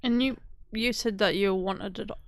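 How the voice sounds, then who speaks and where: A woman's voice: medium pitch, fairly even intonation, moderate pace, dry recording, studio quality. A woman chatting playfully and giggling as she joins her partner on a casual livestream. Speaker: host's partner joining the stream. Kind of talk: casual chat.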